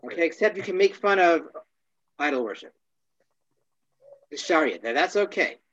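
A man teaching a casual class, wry and joking, often clearing his throat. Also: fairly high pitch, animated, normal speed, a bit bright, dull audio.

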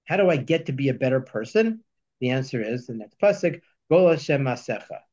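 In a text study lesson, a Torah teacher reads verses at a slow pace, then explains them. His middle-pitched voice is animated with a darkish tone, captured on slightly dull, lo-fi audio.

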